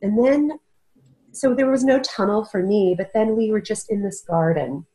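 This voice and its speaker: Woman interview guest, mid-pitched, earnest and searching, restarts her sentences often. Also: normal speed, dark tone, poor audio. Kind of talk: casual interview talk. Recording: audio-only interview.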